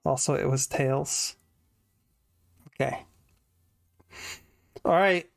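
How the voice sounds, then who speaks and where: A woman's voice: rumbling low, drawn-out words, creaky, dry recording. Giggly woman streamer, casual chat. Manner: chatty, giggly, self-conscious. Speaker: vtuber streamer. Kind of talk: casual let's-play commentary. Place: home room.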